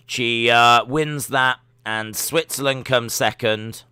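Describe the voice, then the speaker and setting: A man's voice: medium pitch, slow pace, hardly any pauses, sharp tone, clear, resonant tone, dry recording, clean studio sound. A man hosting a casual live watch-along stream, chatting and reading search results and chat messages aloud.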